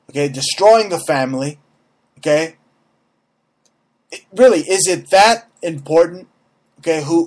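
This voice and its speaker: Brash swearing man ranting on a podcast. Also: on the high side. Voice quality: brash, mocking, swears freely. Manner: repeats "okay?" and restarts often, mocks voices in quotes. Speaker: host. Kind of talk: profane comedic political rant.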